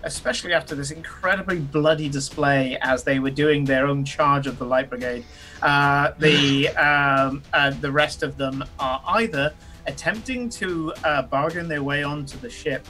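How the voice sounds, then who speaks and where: A man's voice: on the high side, moderate pace, bright, forceful tone, soft background music. A man as game master, narrating a tabletop game in a rambling way full of ums and uhs, swearing casually.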